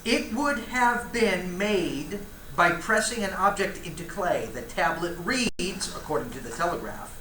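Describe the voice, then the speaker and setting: A man's voice: sits high, animated, measured pace, pushed and bright, a little hiss or hum. A man teaching a church Bible class in a conversational way, reading passages aloud and breaking off with asides to his students. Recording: roomy, echoey room with faint ambience.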